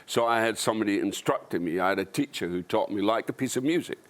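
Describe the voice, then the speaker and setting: A man's voice: lowish voice, fast talker. An older man from Scotland with a Dundee accent, a panel guest talking in a blunt, wry, anecdotal way. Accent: Scottish, Dundee. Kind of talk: panel discussion.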